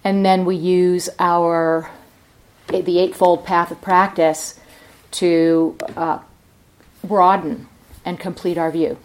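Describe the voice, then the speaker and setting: A woman meditation teacher gives a morning dharma talk at a retreat center. Her voice sits a little low and she takes her time, letting each thought unfold unhurriedly. She sounds reflective, as if working the ideas out aloud. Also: little pitch movement, takes it slowly, pauses often.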